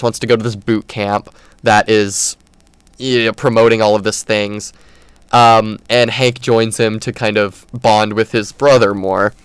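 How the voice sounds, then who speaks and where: Chatty man with a smooth voice. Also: medium pitch, fairly bright tone, no echo. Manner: enthusiastic, rambling with many fillers. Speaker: podcast host. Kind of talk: casual chat.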